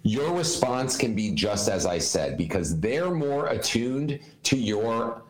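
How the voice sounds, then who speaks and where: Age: adult. Sex: man. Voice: lowish, earnest and explanatory, repeats himself for emphasis. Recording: roomy, echoey room. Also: sing-song, takes it slowly. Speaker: podcast co-host, educator. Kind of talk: casual chat giving parenting advice.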